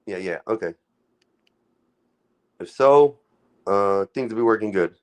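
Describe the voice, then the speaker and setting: A man's voice: fairly low pitch, takes it slowly, long pauses, smooth. Man livestreaming on his phone, casual chat, exasperated, swears a lot. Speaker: livestream host.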